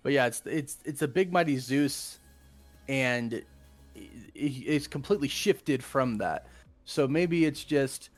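Animated man reviewing a film, dry sound. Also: mid-range voice, unhurried, no room sound, soft background music. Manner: animated, acts out quoted movie lines. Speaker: podcast host. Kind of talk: casual film review chat.

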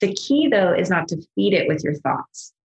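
A middle-aged woman psychologist speaking as a podcast guest, explaining mindfulness in a gentle, enthusiastic way and acting out soothing inner voices. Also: mid-range voice, lively intonation, moderate pace, muffled recording.

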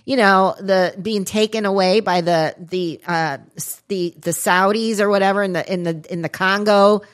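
A woman's voice: medium pitch, steady tone, normal speed. A woman co-hosting a podcast in casual chat, often laughing and chiming in, with rambling sentences. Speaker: podcast co-host.

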